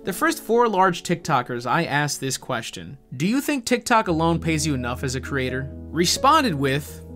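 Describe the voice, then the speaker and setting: A man's voice: on the high side, big pitch swings, normal speed, few pauses, fairly bright tone, faint music behind. A man narrating a video essay, then chatting casually and self-deprecatingly with frequent swearing. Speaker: YouTube commentator.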